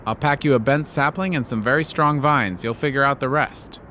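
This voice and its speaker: A man voicing a calm, shrewd wife who plans everything, speaking matter-of-factly. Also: mid-range voice, moderate pace, a little hiss or hum, natural voice.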